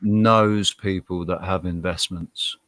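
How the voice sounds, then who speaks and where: A man's voice: low-pitched, steady tone, takes it slowly, a bit bright, dry recording. A man with a Wirral Scouse accent, chatting casually as a podcast co-host, rambling and swearing freely. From Wirral, England. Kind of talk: casual chat.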